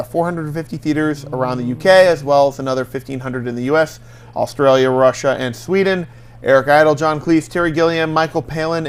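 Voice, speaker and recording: A man co-hosting a casual chat show reads celebrity headlines aloud. His voice is smooth and clear, sitting a bit high for a man. He trips over numbers and talks himself through the math. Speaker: news-reading co-host. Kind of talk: casual entertainment news chat.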